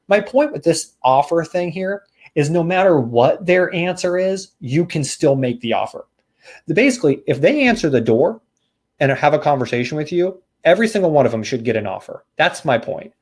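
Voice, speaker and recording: A man's voice: fairly high pitch, very animated, moderate pace, darkish tone. Folksy man coaching a sales seminar. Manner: casual, folksy coaching with acted-out door scripts. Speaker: real estate sales trainer. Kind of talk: recorded training seminar.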